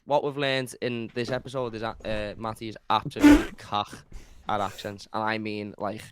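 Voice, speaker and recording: A man's voice: on the low side, moderate pace, very noisy. A young man co-hosting a casual podcast, teasing his friend with banter. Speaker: podcast co-host. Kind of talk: casual chat.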